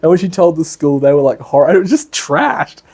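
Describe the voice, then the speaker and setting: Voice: mid-range voice, animated, moderate pace, dark tone, slightly rough. A speaker, telling a rambling story to a class in a casual way, laughing often and using a lot of fillers. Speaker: class presenter.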